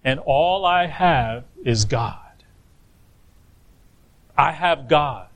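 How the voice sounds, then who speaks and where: A man's voice: expressive, slow pace, low-quality recording. A man voicing a grieving old man praying. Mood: resigned grief. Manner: soft, low, resigned.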